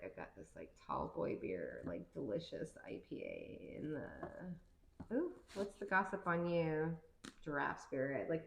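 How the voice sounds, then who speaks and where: A woman giving a casual tarot reading, rambling and chatty, full of fillers and quick to laugh. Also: low voice, gravelly, reverberant, slight background noise, rough recording. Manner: playful, laughs easily. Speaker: tarot card reader.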